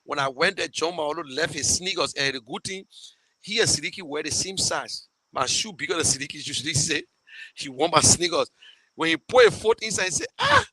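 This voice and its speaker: A man's voice: fairly high pitch, fairly quick, bright, forceful tone, slightly rough, low-quality recording. A man with a Liberian English accent hosting a show and talking casually to viewers, emotional and rambling, with many restarts as he thanks supporters. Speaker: show host fundraising for a campaign. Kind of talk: casual live talk to viewers.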